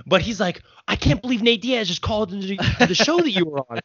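A man's voice: high voice, animated, quick pace, fairly bright tone, husky, no echo, highs cut off. A man hosting a podcast in casual chat, chatty and laughing often. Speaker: podcast host.

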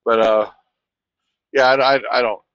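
A man, a truck driver, telling a rambling, animated anecdote in casual conversation. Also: mid-range voice, unhurried, no echo, lo-fi sound. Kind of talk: casual storytelling.

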